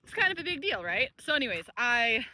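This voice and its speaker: A woman's voice: a little high, very animated, a little fast, bright, forceful tone, rough recording. A woman in her thirties, a life coach, telling personal stories to camera in a chatty way, laughing easily and repeating phrases for emphasis. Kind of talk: casual storytelling to camera.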